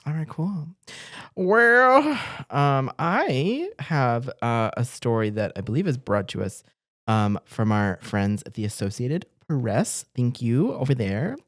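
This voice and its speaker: A man's voice: mid-range voice, big pitch swings, slow pace, fairly bright tone, no room sound, clean studio sound. A man from Massachusetts, a newspaper reporter co-hosting a casual news rundown, joking and laughing often between fillers.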